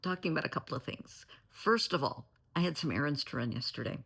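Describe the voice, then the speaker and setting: An older woman, a therapist, talking in a casual vlog from her lakeside home in a blunt, opinionated way, with a gravelly voice. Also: sits low, expressive, quick pace, a bit bright. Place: lakeside home, indoors, early morning.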